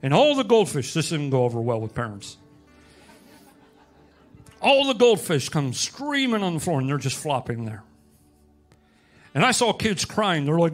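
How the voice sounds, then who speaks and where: A man preaching a sermon as pastor, storytelling and rising to loud, emphatic peaks, with soft music behind. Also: mid-range voice, very animated, moderate pace, pauses often.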